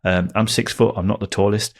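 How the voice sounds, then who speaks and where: A man in his thirties co-hosting a casual football podcast, making dry, wry remarks with halting repeats. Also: on the low side, steady tone. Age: 30s. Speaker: podcast co-host.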